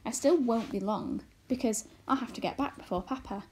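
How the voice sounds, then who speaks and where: A woman's voice: on the high side, moderate pace, a little mellow, slight background noise, lightly acted. A woman doing a wistful young borrower girl. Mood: earnest. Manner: pleading, earnest.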